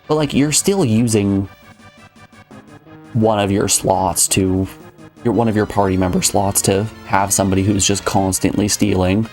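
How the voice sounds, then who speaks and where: A low-pitched male streamer talks his way through a game in loose, rambling chat and turns often to his viewers. Faint game music plays underneath. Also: fairly even intonation, unhurried, a little mellow. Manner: rambling, chatty, addresses chat. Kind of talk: casual live gameplay chat.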